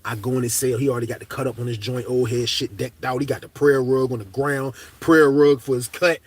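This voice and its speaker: A man telling a comedic story in casual, slangy talk, swinging from hushed to loud. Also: medium pitch, steady tone, a little fast, no echo.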